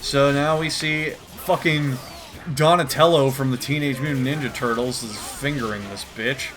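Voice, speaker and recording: A man giving crude, rambling comedic commentary while reading a comic aloud, with profane deadpan asides. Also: medium pitch, moderate pace, a crowd in the background. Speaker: comedy video host.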